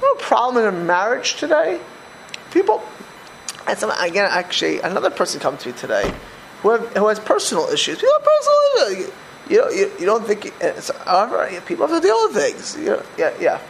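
Animated male religious teacher, many restarts. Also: high voice, brisk, creaky, slight background noise, low-quality recording. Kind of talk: Torah class.

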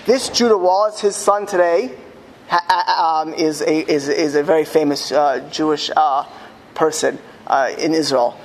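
A man telling a story to an audience with halting restarts, his voice rising to high cries in quoted lines. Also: slight background noise. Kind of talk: impassioned storytelling talk. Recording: long hall reverb, faint ambience.

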